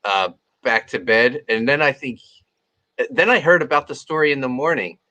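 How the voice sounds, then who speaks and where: A man's voice: mid-range voice, lively intonation, moderate pace, bright, forceful tone. A man hosting a casual podcast chat, laughing and teasing his friends. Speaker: podcast host.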